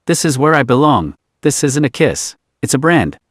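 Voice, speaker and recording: A man's voice: mid-range voice, sing-song, normal speed, dry recording, studio quality. A man voicing a vulnerable young man who swears often and speaks with earnest emotion. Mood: passionate.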